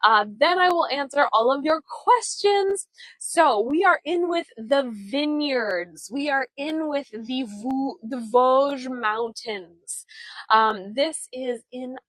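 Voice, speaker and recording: On outdoor old-town streets, a woman in her thirties from the American Pacific Northwest and Midwest narrates a walking tour live-streamed on her phone. Her voice sits high with a fairly bright tone and a slow pace, chatty and enthusiastic with plenty of fillers. The recording is rough, with no room sound.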